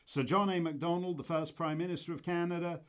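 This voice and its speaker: A man's voice: a little high, steady tone, fast talker, clean tone. Rambling wry male commentator. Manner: rambling, frequent "uh" fillers and restarts, wry asides. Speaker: host. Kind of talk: casual spoken commentary.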